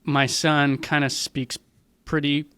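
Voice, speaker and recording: A man's voice: fairly high pitch, little pitch movement, takes it slowly, bright, forceful tone, clear, resonant tone, dry recording. A young man hosting a podcast, talking in thoughtful, earnest reflections as a father of young kids. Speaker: podcast host. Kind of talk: reflective conversational interview.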